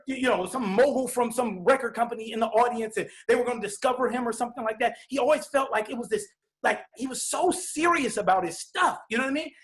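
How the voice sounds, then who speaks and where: A middle-aged man giving an emotional personal testimony about being a father, talking in a heartfelt, halting way with many restarts and repeated phrases. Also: very high-pitched, a bit bright.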